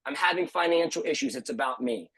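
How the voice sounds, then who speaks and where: A man talks earnestly about running his martial arts school, repeating key phrases for emphasis. His voice sits a little high and has a husky edge. The sound is dry and close, as on a video call. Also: quick pace, fairly bright tone, no echo, poor audio. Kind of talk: video call panel talk.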